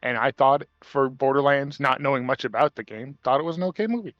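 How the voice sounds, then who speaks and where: A man chatting casually with friends over a voice call, hedging his points and quick to laugh. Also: medium pitch, dry recording, highs cut off. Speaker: player.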